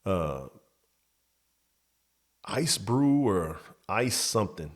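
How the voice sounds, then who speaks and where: A middle-aged man with a somewhat low voice spins a long anecdote as host of his own show. He talks in a loose, casual way with restarts, and turns animated, shooting his pitch up high when he acts out what people said. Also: very slow. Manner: animated, jumps up high when quoting others. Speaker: host telling a story. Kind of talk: casual storytelling.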